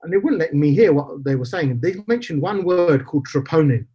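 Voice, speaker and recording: Husky man in his forties. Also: on the high side, animated, fairly quick, mellow. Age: 40s. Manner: recounts events with quoted dialogue, slips in Punjabi phrases. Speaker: podcast guest. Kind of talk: emotional personal storytelling. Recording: slightly dull lo-fi podcast audio.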